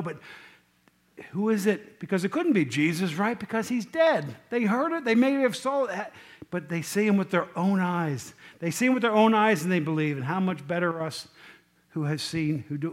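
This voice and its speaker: Animated high-voiced male preacher. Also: normal speed. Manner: animated, swings between loud scripture reading and quiet asides; asks the congregation questions directly. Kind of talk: sermon.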